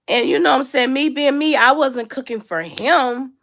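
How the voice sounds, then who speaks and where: A woman's voice: sits high, moderate pace. A young woman, sick and under the weather, chatting casually to her viewers and confiding, her voice rising and sinking with her feelings. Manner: chatty, confiding, lively rises and sinks with feeling. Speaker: vlogger. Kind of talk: casual storytime chat.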